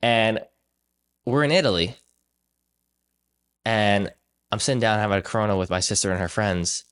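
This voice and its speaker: A man's voice: lowish voice, moderate pace, smooth. Young male host, loose conversational storytelling, voices other people as he goes. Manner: animated storyteller, acts out quoted voices. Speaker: podcast host.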